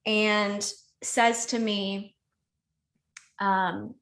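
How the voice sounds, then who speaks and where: A woman guest on a podcast, telling a painful personal story in a candid, emotional, rushed way full of fillers. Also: mid-range voice, a bit bright. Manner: emotional, rushed, heavy use of "like".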